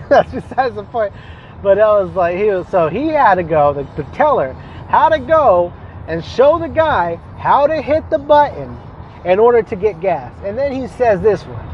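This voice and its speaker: A young man telling stories in a casual vlog, animated, profane and exasperated as he rants. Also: high-pitched, a little fast, highs cut off, slight background noise.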